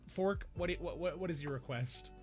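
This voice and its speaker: A man's voice: a little high, normal speed, over music. A man hosting a VTuber talk show in casual, rambling livestream chat, his voice congested with a stuffy nose. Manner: rambling, chatty.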